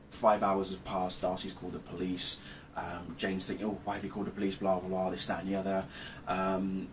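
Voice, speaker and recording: A man recapping a film's plot in a casual review, rambling and halting with many ums and restarts. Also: low-pitched, a little hiss or hum. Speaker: movie reviewer. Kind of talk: casual spoken film review.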